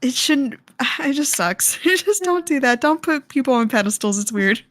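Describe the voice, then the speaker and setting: A woman streaming, casually reacting to a video, frank and quick to laugh and swear. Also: high voice, animated, a bit bright, slight background noise.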